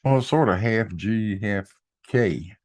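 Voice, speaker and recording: A man's voice: fairly low pitch, slow, a little mellow. A man in a casual online group chat, blunt and heated, swearing freely.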